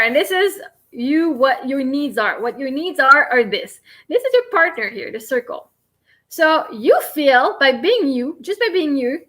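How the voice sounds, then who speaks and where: A woman's voice: high-pitched, a bit bright. A woman talking casually to camera as a vlogger, in a meandering, self-interrupting way, with a native French speaker's English.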